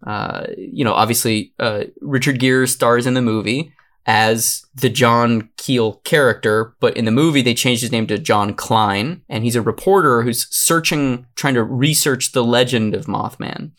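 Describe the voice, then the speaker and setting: A man's voice: mid-range voice, moderate pace, a bit bright. Rambling man hosting a casual podcast. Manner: loose and rambling, with much swearing. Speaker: podcast host. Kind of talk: casual chat, partly reading a summary.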